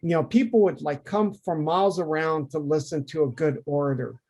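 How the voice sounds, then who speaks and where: A man who teaches anatomy for artists, talking through a drawing demonstration on a video call, lively and emphatic. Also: on the high side, normal speed. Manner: animated, conversational, emphatic teaching. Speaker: anatomy art professor.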